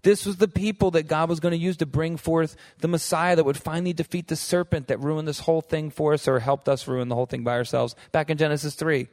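A man's voice: a little high, quick pace, hardly any pauses. A young man teaching a Bible study to a group in a casual way, leaning on "like" and "right?" and acting out the people he quotes. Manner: animated, acts out quotes with voices; fillers like "like" and "right?".

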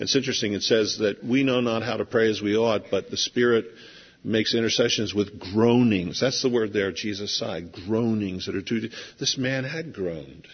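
Husky-voiced preacher in a reverberant hall. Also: male voice, lowish voice, normal speed. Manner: conversational storytelling, acts out scenes. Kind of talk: sermon. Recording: dull lo-fi sound with long hall reverb.

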